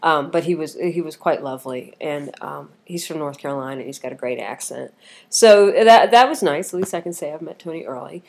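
Middle-aged woman, casual vlog chat, low voice, rambling and tired. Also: fairly quick, gravelly, darkish tone. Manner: chatty and rambling, with many ums and restarts. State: tired with a cough. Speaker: vlogger.

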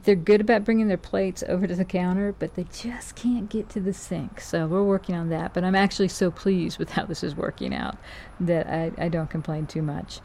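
A woman's voice: on the low side, animated, moderate pace, gravelly, warm tone. A middle-aged woman chatting casually to her viewers, rambling and correcting herself as she goes. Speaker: vlogger.

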